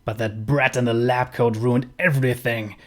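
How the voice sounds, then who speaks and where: A man's voice: medium pitch, fairly even intonation, normal speed, natural voice. A man voicing an envious middle-aged scientist father who speaks in a cold, contemptuous, menacing way. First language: German.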